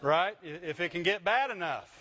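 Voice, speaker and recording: A man's voice: high-pitched, expressive, moderate pace, pushed and bright, highs cut off. A man preaching a sermon, punctuating his points with call-and-response questions to the congregation. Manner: call-and-response preaching, frequent "Amen?" and "Right?". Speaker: pastor.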